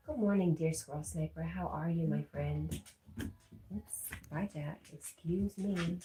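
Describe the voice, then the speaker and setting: A woman hosting a casual livestream, reading viewer comments aloud and talking softly to her dog. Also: low voice, a little slow, echoey room, low-quality recording. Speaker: livestream host reading chat.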